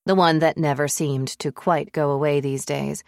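Woman audiobook narrator, deep voice, dead dry studio mic. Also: fairly even intonation, moderate pace, gravelly, darkish tone, no room sound. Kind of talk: scripted narration.

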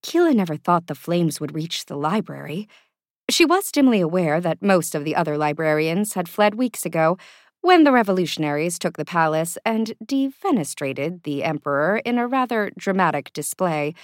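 A woman reads a fantasy audiobook from a script, telling the story expressively in a fairly low voice at a moderate pace. The studio-quality recording is dry.

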